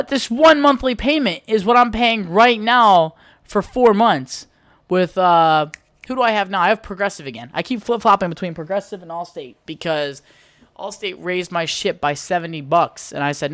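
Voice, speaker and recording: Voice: medium pitch, normal speed, a bit bright, no echo, clean studio sound. A podcast host from the United States ranting heatedly and profanely in a solo monologue.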